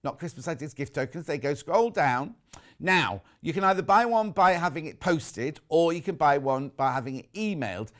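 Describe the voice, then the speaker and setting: A British man hosting a live shopping show, his voice sitting a little high for a man. He chats loosely with the crew and viewers, reading out their messages. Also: animated, normal speed, fairly bright tone. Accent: British English. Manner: chatty, reads out viewer messages. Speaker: shopping channel presenter. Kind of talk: live TV sales chat.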